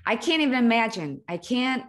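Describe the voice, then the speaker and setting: A woman's voice: on the high side, sing-song, a little fast. A woman hosting an interview, engaged and affirming toward her guest. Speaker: podcast host. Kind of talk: conversational interview.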